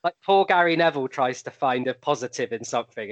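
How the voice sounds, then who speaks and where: A man telling a story on a chat panel, pausing often with ums as he builds to the punchline. His voice sits at an average pitch. The recording is dry and close. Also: lively intonation, no echo. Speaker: panel guest. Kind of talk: casual anecdote telling.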